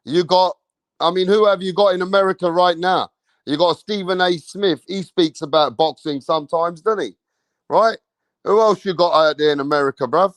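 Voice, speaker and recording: A man's voice: high voice, moderate pace, dry recording. Slangy man ranting on a livestream. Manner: swearing, slangy, talks to chat. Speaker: livestream host. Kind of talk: casual livestream rant.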